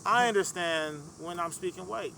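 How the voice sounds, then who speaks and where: A man from Michigan who is a guest on a casual podcast, explaining his ideas in a thoughtful, analytical way. His voice is bright and forward, sitting slightly high for a man. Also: normal speed, creaky, a little hiss or hum. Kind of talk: casual conversation.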